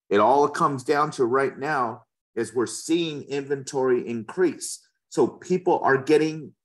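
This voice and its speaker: A passionate, opinionated man in a casual interview, his voice sitting a little high for a man. He talks with conviction and often repeats words mid-thought. He speaks as a real estate agent. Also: a bit bright.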